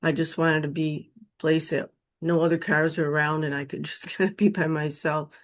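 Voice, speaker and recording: A woman's voice: low voice, level tone. A woman telling her personal near-death experience story in an earnest, emotional way. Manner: slow, earnest, emotional retelling.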